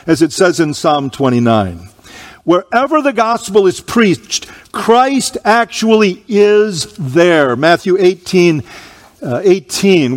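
High-voiced preacher clearing his throat. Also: big-room sound. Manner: preaches with slow emphatic stresses, reading scripture aloud. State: throat irritated by allergies. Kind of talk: sermon. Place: church.

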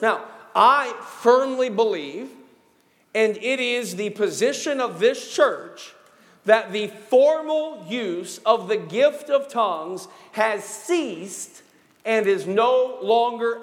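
A male pastor with a high voice delivers a sermon, working through his points one by one and drawing out the words he wants to land. His voice rings with a long reverb, as if it were caught in a large sanctuary. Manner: emphatic, numbered points, slows to stress key words. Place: church sanctuary.

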